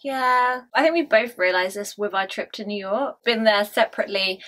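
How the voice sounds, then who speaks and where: A woman's voice: medium pitch, moderate pace, fairly bright tone. A young woman hosting a casual couple vlog, chatty and teasing, laughing often. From England. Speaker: YouTuber host.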